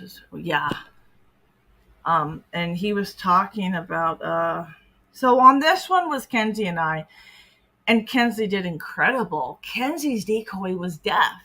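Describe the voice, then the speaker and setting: A woman talks bluntly on a livestream with a bright, forceful tone. She sounds indignant and drops casual swears. She is a decoy for a predator-catching group. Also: lowish voice, creaky, husky, poor audio. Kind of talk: livestream commentary.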